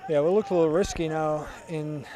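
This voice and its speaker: A man's voice: fairly high pitch, fairly even intonation, fairly quick. A man doing color commentary at a youth soccer game, chatty, with joking asides and substitution updates. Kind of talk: casual sports commentary. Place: outdoor soccer field. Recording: faint outdoor noise.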